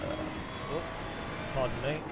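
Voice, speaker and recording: A man hosting a sim racing video, giving excitable, incredulous gameplay commentary with bursts of laughter. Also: mid-range voice, a little slow, vocal fry, very noisy. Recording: background music under voice.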